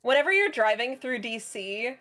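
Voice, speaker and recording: Woman, fairly high voice, casual chat, laughs a lot, explanatory. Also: sing-song, normal speed, pushed and bright. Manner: laughs often while explaining. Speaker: co-streamer.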